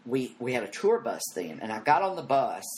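A man telling stories as an interview guest, animated and profane, acting out every quote. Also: mid-range voice, brisk. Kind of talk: casual storytelling.

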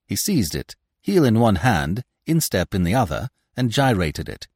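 A male podcast storyteller reads a classic novel with a low voice that swoops widely in pitch. He is theatrical and expressive, recorded close and dry with no room sound. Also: moderate pace, slightly rough, no echo. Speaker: podcast narrator. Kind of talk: scripted narration of a classic novel.

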